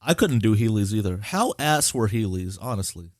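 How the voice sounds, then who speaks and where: A man's voice: lowish voice, sing-song, moderate pace, a little mellow, no echo, studio quality. A young man hosting a casual podcast chat, teasing his co-host and swearing freely. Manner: blunt, profane, teasing.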